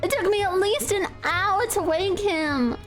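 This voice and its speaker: A woman's voice: extremely high pitch, a little slow, music in the background, pitched above the performer's own voice. A woman voicing a petulant, clever young girl in a game read-along, speaking reproachfully. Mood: sulky.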